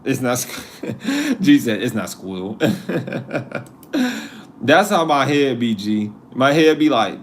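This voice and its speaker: A man hosts a casual live stream in a fairly low voice with big pitch swings and a measured pace. Laid-back and joking, he talks to chat and laughs at himself, with a little hiss or hum in the audio.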